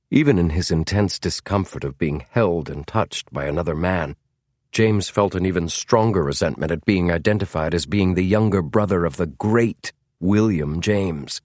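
A male audiobook narrator with a low voice telling the story in a measured, dramatic way. His delivery moves widely in pitch. The recording is dry and close. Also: lively intonation, darkish tone, no room sound. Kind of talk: scripted narration.

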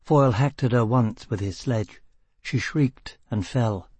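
A man reading a novel aloud as audiobook narrator, in a steady, tense storytelling manner. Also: medium pitch, measured pace, husky, no echo.

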